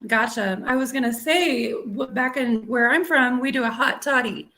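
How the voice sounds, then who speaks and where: A woman's voice: sits high, moderate pace, bright, forceful tone, a little hiss or hum. A woman, a guest in a casual conversation, easygoing and thinking aloud. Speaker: livestream guest.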